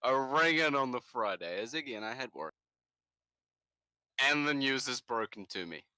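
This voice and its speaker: A young man from New Zealand, co-hosting a podcast, telling a story in casual, animated chat. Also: normal speed, smooth, no room sound. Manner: animated, jumps into high shouts for quoted lines. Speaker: podcast co-host.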